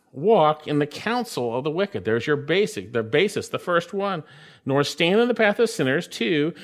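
A man preaching a sermon, reading scripture and stressing his points with emphatic, swelling exclamations. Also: high-pitched. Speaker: pastor.

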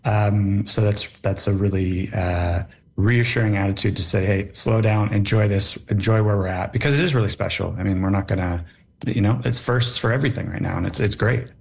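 A man with a gravelly voice, speaking as a thoughtful, thankful interview guest. He talks in a plain, even way. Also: lowish voice, fairly quick. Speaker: guest, new father. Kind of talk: radio interview.

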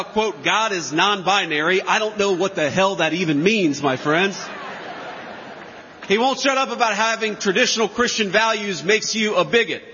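A man's voice: sits high, pushed and bright, a little hiss or hum. A man giving a campaign rally speech in a large hall, emphatic and mocking with sarcastic asides. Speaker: political speaker. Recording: lo-fi, long hall reverb.

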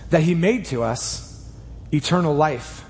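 A man preaching a sermon in a church, earnest and emphatic, speeding up and slowing down as he drives each point home. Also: on the high side, lively intonation, in a large hall, slight background noise. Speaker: pastor. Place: church sanctuary. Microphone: clip mic.

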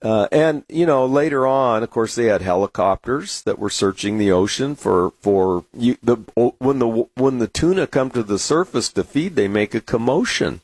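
A man's voice: mid-range voice, lively intonation, moderate pace, hardly any pauses, a little mellow, dry recording. An American man from San Diego, talking casually to the camera as a market commentator and telling rambling stories full of "uh"s. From San Diego, USA. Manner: rambling, anecdotal storyteller with many fillers.

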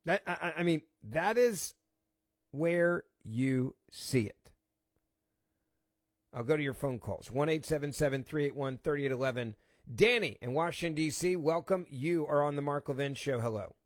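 A man's voice: on the high side, fast, no room sound, studio quality. A man hosting a talk radio show, reading out a report and then ranting with emphatic, repeated phrases before taking calls. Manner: indignant, emphatic, repeats himself.

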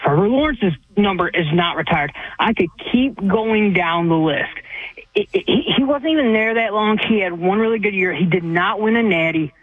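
A male caller whose voice is fairly high, heard through a thin, dry telephone line. He is brusque and dismissive as he makes his case. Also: lively intonation, normal speed, dry recording. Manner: blunt, dismissive. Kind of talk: call-in sports talk radio. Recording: tinny phone line, dry.

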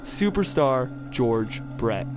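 A man's voice: mid-range voice, very animated, takes it slowly. A man narrating a radio story in a wry, playful way. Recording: music bed under voice.

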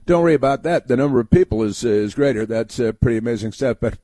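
A man hosting a talk show, giving sarcastic political commentary in a halting delivery full of fillers and restarts. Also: mid-range voice, animated, warm tone, no room sound. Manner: sardonic, mock-cheerful asides.

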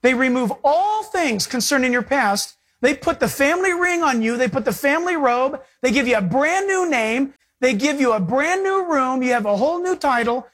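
Husky, animated male preacher. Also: moderate pace, few pauses. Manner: animated preaching with sudden swings in pitch and pace. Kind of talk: sermon.

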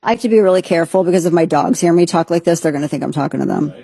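A woman's voice: fairly low pitch, very fast, gravelly, dark tone, husky. A woman hosting a political commentary show, talking in an indignant, sarcastic, emphatic way. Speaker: host.

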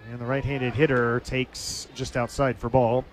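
A man calling a minor league baseball game on radio, telling a funny story between pitches and laughing at it. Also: little pitch movement, a little slow. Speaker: baseball play-by-play announcer.

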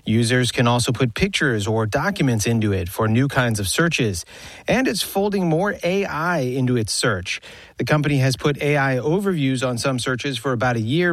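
Male radio reporter filing a steady report. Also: medium pitch, no echo. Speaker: news reporter. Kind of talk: scripted news report.

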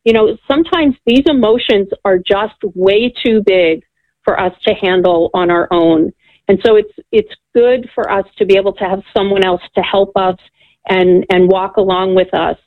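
A woman's voice: mid-range voice, normal speed. A woman who is a guest on a radio talk show, speaking in an earnest, encouraging way. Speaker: guest, ministry leader. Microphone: phone. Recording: phone line.

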